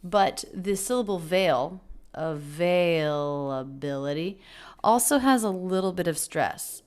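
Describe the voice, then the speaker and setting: Lower-voiced woman teaching pronunciation. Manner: repeats words slowly to model sounds. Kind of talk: pronunciation lesson.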